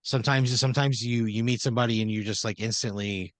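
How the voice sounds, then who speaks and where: Man, comedy podcast host, loose filler-heavy improv narration, mid-pitched, dry room. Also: fairly even intonation, fast, no room sound. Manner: rambling, filler-heavy second-person narration. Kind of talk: improvised storytelling.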